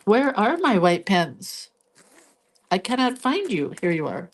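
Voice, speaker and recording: A woman's voice: medium pitch, very animated, a little slow. A woman hosting a casual live drawing tutorial from her craft desk, filmed on a phone. She chats and thinks aloud as she draws. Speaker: host and doodling teacher. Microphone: phone camera.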